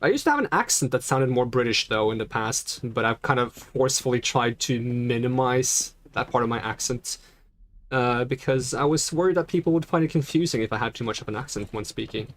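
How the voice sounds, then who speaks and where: A man's voice: medium pitch, fairly quick. A young man chatting casually on a live stream while playing, rambling and answering questions from chat.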